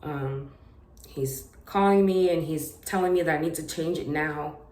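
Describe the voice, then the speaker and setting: A young woman telling a personal story in an unscripted vlog, halting, with many fillers and restarts. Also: deep voice, darkish tone, reverberant. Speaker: vlogger.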